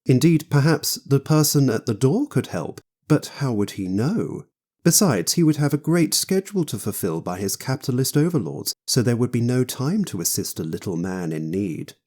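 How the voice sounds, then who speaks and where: A man's voice: mid-range voice, lively intonation, normal speed, darkish tone. A man giving scripted audiobook narration as a wry, theatrical storyteller.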